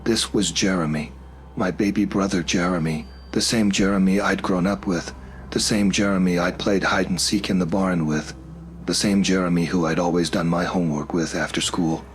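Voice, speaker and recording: A man narrating a first-person horror story in a steady, measured way. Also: deep voice, slight background noise.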